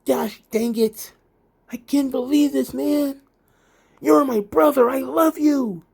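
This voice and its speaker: Gullible man near tears, pleading high and strained, put on by a man. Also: slow pace, gravelly, darkish tone, exaggerated voice. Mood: tearful pleading. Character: distraught, gullible grown man pleading tearfully.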